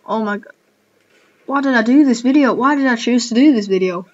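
A woman's voice: on the high side, a little fast, a little mellow, muffled recording. A woman giving casual reaction commentary as a gaming YouTuber, who keeps exclaiming, cringing and laughing at herself.

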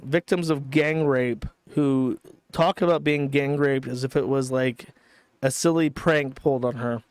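Smooth-voiced man in a sardonic commentary stream. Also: mid-range voice, a little mellow, no room sound. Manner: casual, profane, sardonic. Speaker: streamer host.

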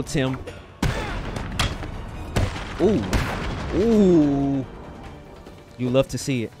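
A young man narrating his gameplay with hype and loose slang, talking into a headset mic. Game music plays clearly under his voice. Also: mid-range voice, expressive, slow, pauses often. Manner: hyped, casual slang. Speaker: gaming YouTuber. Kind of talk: let's play commentary.

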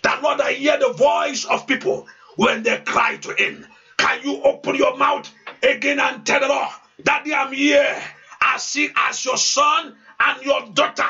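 A man pastor leading a fervent prayer, shouting repeated pleas and speaking in tongues. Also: very high voice, steady tone, unhurried, vocal fry. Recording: distant, dull lo-fi sound.

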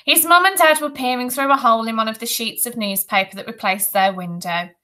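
A woman primary school teacher reading a children's book aloud to her class with slow, clear expression. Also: on the high side, bright, forceful tone.

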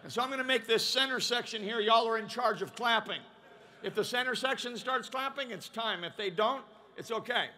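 A male preacher addresses a large conference crowd in a high, forceful voice. He builds to shouted peaks and then falls to a low, confiding tone. He often repeats words and restarts as he speaks. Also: fairly quick. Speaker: pastor. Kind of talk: conference sermon.

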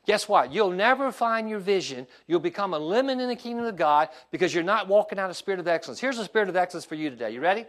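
High-voiced preaching man. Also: fast talker, hardly any pauses. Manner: animated preaching with call-and-response asides. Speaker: pastor. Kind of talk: sermon. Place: church sanctuary.

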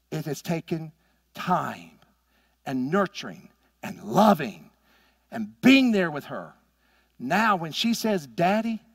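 A middle-aged man preaching a sermon as pastor, swinging from loud emphatic peaks to quiet asides. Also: fairly high pitch, no room sound, clean studio sound. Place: church sanctuary.

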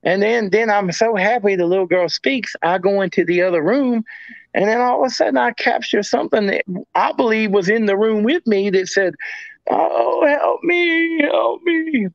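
Here a man appears as a guest, spinning casual, rambling stories and frequently saying the same things again. His voice sits high at a moderate pace, and the dry recording has a dull lo-fi quality.

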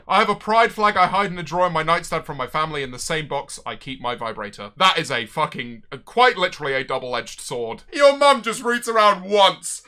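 A man hosting a livestream, reading viewer confessions aloud in a loud, profane and excitable way. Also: fairly high pitch, brisk, hardly any pauses. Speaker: streamer host.

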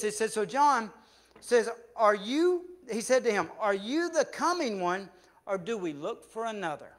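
A man preaching a sermon as pastor with a Southern US accent, swinging from loud emphatic passages to hushed ones. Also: sits high. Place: church sanctuary.

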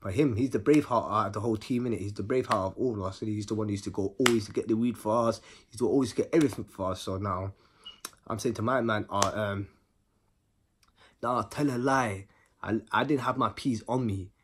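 A man telling a personal story in a casual monologue. He talks in an animated way, full of slang, and repeats words for rhythm. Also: lowish voice, brisk, background noise.

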